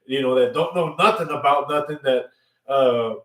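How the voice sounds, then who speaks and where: A man's voice: mid-range voice, moderate pace. A man co-hosting a casual chat show, rambling, repeating words and dropping "you know what I mean" over and over. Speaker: co-host. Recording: roomy, from far off the mic.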